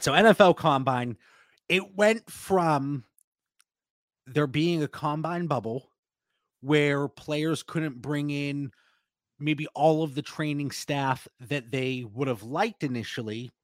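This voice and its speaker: A man's voice: medium pitch, no echo, studio quality. A man hosting a sports podcast in casual, chatty talk, with self-deprecating asides. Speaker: podcast host.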